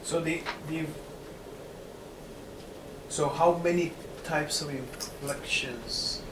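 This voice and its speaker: Man, student, slow speech, echoey room, far from mic. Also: fairly high pitch, background noise. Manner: repeats words back and asks questions. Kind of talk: classroom participation. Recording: echoey room from a distant mic, clear ambience.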